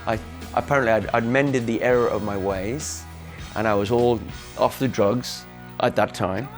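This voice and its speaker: A man from the Midlands speaking candidly in a documentary interview, halting and restarting as he talks. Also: medium pitch, soft background music. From Cannock, England. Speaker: interviewee, musician.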